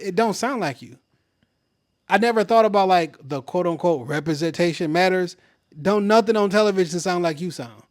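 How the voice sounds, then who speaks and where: A man with a Detroit accent, co-hosting a podcast in loose, slangy, laid-back banter. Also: high voice. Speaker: podcast co-host. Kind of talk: casual chat.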